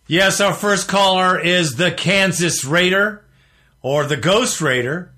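A man hosts a sports fan call-in radio show, a casual fan talk show, speaking bluntly and getting worked up. His voice sits high with a sharp tone, and he takes it slowly.

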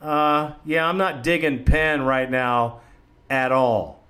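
A man's voice: mid-range voice, takes it slowly. A man hosting a call-in fan show, chatting casually and chummily with callers. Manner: relaxed, chummy, laughs with callers. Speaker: host.

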